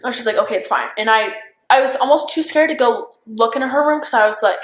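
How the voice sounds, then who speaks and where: A young woman in her twenties recounting events in a recorded police interview, halting and unsure, with constant fillers and restarts. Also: on the high side. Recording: roomy interview room recording.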